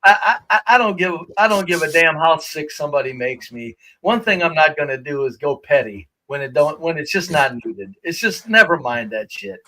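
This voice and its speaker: A man with a voice on the high side talks animatedly at normal speed with hardly any pauses and a sharp tone, recorded in low quality. He's a regular livestream guest who rambles, swears a lot and keeps restarting in casual chat.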